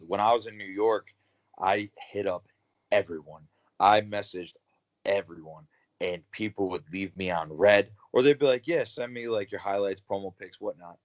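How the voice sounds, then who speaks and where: A deep-voiced young man, a guest in a casual interview, talks about his wrestling career. He rambles bluntly, with lots of fillers and restarts.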